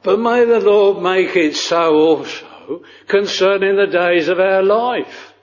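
A man preaching a sermon, slow and solemn, with old-fashioned scriptural phrasing, on a dull lo-fi recording. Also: high-pitched, in a large hall.

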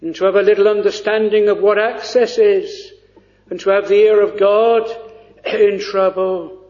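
A man preaching a sermon in an earnest, hesitant way with frequent pauses. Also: high-pitched, steady tone, a little mellow. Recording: dull lo-fi recording.

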